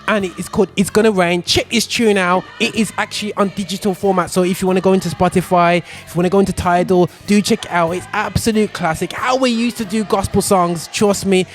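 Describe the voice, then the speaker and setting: A man hosting a casual chat, affirming the guests with frequent responses and lively talk. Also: high voice, a little fast, hardly any pauses, soft background music. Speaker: host.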